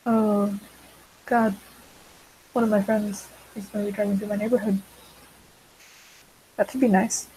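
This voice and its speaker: A woman's voice: medium pitch, little pitch movement, measured pace, pauses often, a little mellow, a little hiss or hum, poor audio. A teenage girl chatting casually while she draws, rambling with many fillers and side tracks. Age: teens. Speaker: vlogger.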